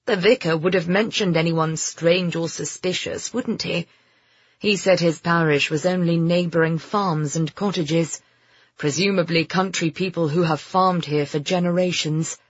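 A man's voice: on the high side, fairly even intonation, a little slow, breathy edge, no room sound, highs cut off. A narrator voicing an earnest, shy young man. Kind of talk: audiobook character voice.

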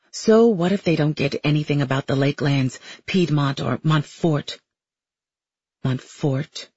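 Husky man reading a novel aloud. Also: fairly high pitch, a little mellow, no room sound, highs cut off. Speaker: audiobook narrator. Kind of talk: first-person audiobook narration.

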